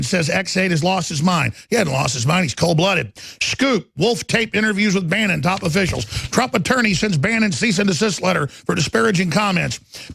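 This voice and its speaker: A man hosting a political talk show, ranting angrily and swinging into shouts. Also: high voice, creaky, husky, dry recording. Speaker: host. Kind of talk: heated political commentary.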